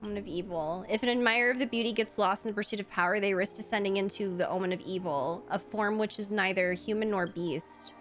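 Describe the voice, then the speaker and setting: A woman reading aloud the lines of an earnest male knight devoted to beauty, in a measured, solemn, lower and softer voice than her own. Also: natural voice. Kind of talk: reading game dialogue aloud.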